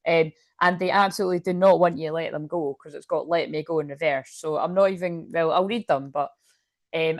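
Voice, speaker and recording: A woman's voice: low voice, fairly even intonation, fairly quick, no echo, studio quality. A woman doing a casual tarot card reading to camera, chatty and rambling, often interrupting herself with asides.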